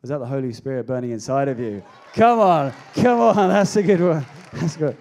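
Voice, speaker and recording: An energetic pastor jokes his way through a youth sermon, often calling out to the crowd. His voice sits fairly high, with a mellow, warm tone. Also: moderate pace. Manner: energetic, jokey, calls out to the crowd.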